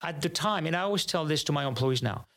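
A man from France, French by native tongue and accent, talks fast in a slightly high voice. Telling a casual story on a podcast, he's animated, voicing both sides of the dialogue and restarting sentences often.

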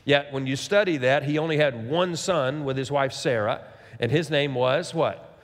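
A man's voice: medium pitch, moderate pace. A middle-aged man preaching a sermon as pastor, talking conversationally and tossing rhetorical questions and asides at the congregation. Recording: long reverb of a large hall.

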